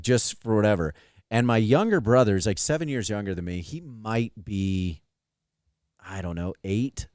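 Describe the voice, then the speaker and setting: A man's voice: lowish voice, smooth, no echo, clean studio sound. A young man co-hosting a podcast, telling stories casually with lots of swearing and acted-out quotes. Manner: animated storytelling, swearing, acts out quotes. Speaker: podcast co-host. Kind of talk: casual chat.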